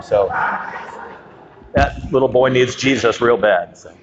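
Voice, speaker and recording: A man's voice: mid-range voice, takes it slowly. A male pastor delivering a sermon in an easygoing, conversational way, poking fun at himself as he goes. His voice rings through a roomy church hall with a long reverb tail. The recording sounds somewhat dull and lo-fi. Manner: conversational, self-deprecating humor.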